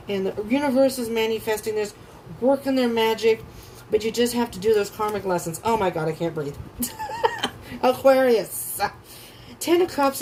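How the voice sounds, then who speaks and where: A woman giving a tarot reading who gushes with excitement, swears freely and breaks into gasps and laughter. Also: on the high side, a little hiss or hum, low-quality recording. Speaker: tarot reader.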